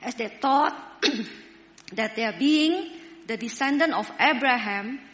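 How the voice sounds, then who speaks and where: A woman preaching a sermon, speaking slowly and deliberately and putting questions to her listeners. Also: fairly high pitch, fairly bright tone, in a large hall. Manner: slow, deliberate, asks the audience questions.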